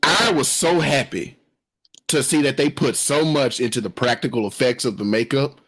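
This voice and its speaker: Husky animated podcast man. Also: mid-range voice, moderate pace. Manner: animated retelling, frequent laughter. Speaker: podcast co-host. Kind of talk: casual chat.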